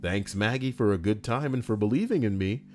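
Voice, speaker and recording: A man's voice: lowish voice, brisk. A man reading internet stories aloud with casual, profane commentary, ranting and laughing at his own jokes. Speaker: reddit story reader. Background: faint background music.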